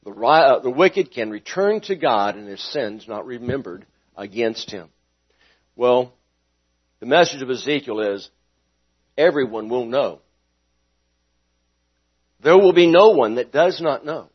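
A man preaching a sermon, swinging between loud emphatic lines and quiet ones, and asking his listeners questions. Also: medium pitch, animated, a little slow, pauses often, slightly rough. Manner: dynamic preaching with sharp rises and drops in volume; asks the congregation questions. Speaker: pastor. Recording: dull lo-fi sound.

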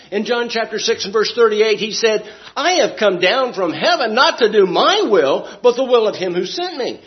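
A man preaching with a somewhat high voice, pressing his points with rhetorical questions. He swings between loud, emphatic lines and quiet, low ones. The recording sounds dull and lo-fi. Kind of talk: sermon.

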